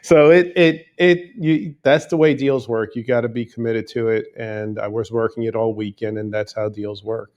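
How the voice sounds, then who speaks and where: A man's voice: mid-range voice, fairly even intonation, moderate pace, few pauses, darkish tone. A man in his fifties with a New York accent, a guest in a casual podcast interview who talks emphatically and restarts with repeated words. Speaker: guest attorney.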